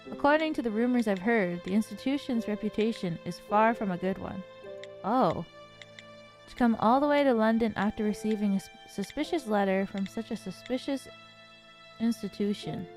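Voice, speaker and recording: A woman's voice: mid-range voice, darkish tone, lightly acted. A woman voicing an earnest young male detective who is new in town, reading game dialogue aloud in a thoughtful inner-monologue manner.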